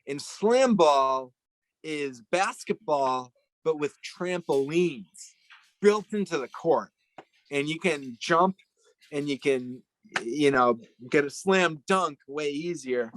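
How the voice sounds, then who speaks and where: A man's voice: on the high side, expressive, slow, a bit bright, rough recording. A man chatting casually in a rambling, joking way, often searching for words. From Italian heritage. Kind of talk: casual chat.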